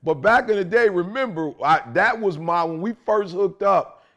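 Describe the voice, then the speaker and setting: A man co-hosting a podcast, telling animated stories in casual slang. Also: high voice, moderate pace. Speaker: podcast co-host. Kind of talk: casual chat.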